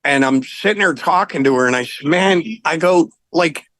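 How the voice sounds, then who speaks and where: A middle-aged man, a rock singer, telling anecdotes in a casual interview, animated and laughing now and then. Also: a little high, moderate pace, no room sound, poor audio.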